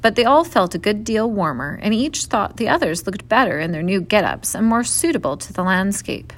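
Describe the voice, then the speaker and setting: A woman reading a children's novel aloud in a steady, clear storytelling voice. She sits at an ordinary middle pitch for a woman. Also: moderate pace. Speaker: narrator.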